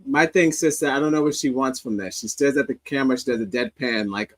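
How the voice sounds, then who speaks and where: A man's voice: medium pitch, fast talker, poor audio. A man hosting a casual commentary stream, reacting to social media clips in a rambling, sardonic way with many restarts.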